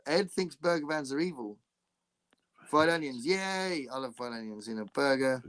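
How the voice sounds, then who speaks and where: Man, podcast host, casual chat, frequent laughs, animated restarts. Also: medium pitch, normal speed.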